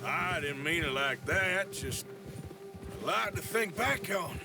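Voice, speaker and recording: An actor playing a weary young outlaw in a video game, talking in a slow, reflective drawl. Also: male voice, sits high, lively intonation, music in the background, full character voice. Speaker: game character.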